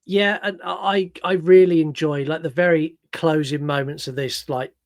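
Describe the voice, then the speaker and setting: Casting: male podcast co-host, slightly high voice, dry close sound, eager scene-by-scene recaps. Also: steady tone, normal speed, no room sound. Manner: enthusiastic, recounts scenes step by step with fillers. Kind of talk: casual film-review chat.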